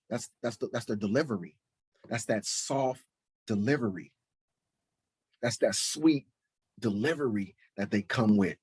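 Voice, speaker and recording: A middle-aged man delivers a fiery sermon, reading scripture and then tearing into false preachers with blunt, profane mockery. His voice sits at an ordinary pitch and drops to low asides before climbing into shouts. The recording is dry and close, with no room echo. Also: husky. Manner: blunt, profane, mocking, shifts between soft and shouting.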